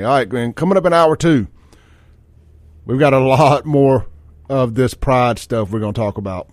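Fired-up talk radio host. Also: male voice, mid-range voice, normal speed, pauses often, dry recording. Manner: blunt, fired-up, folksy.

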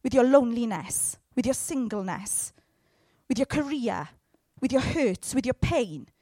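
A woman preaching a sermon in a lively, chatty way, with joking asides and sudden loud bursts. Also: on the high side, measured pace, no echo.

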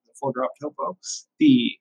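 A man chatting as a guest in a quick, friendly way. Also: medium pitch, vocal fry, dry recording, phone-quality sound. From Canada. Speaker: podcast guest. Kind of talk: casual chat.

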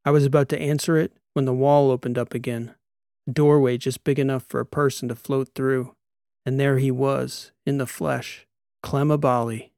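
A man narrates a science-fiction audiobook in the first person, with a steady, measured pace. His voice sits at a middle pitch, and the recording is close and dry, with no room sound. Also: gravelly, clear, resonant tone, no echo.

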